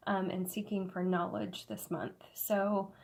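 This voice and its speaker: A woman giving a casual tarot reading, slightly hoarse, with halting speech full of fillers and soft laughs, in an indoor room. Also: lowish voice, expressive. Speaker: tarot reader. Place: indoor room with incense smoke.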